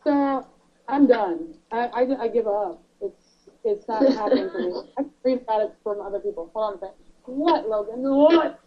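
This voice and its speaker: A woman co-hosting a casual podcast chat who tells stories with lively energy and acts out her own panicked lines. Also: medium pitch, brisk. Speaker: podcast co-host. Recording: dull lo-fi podcast audio.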